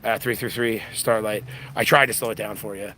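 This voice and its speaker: Tired fast-talking man on a livestream. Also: lowish voice, steady tone, pushed and bright, slight background noise. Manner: rambling, restarts, tired. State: exhausted. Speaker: livestream host. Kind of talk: casual livestream talk. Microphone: phone.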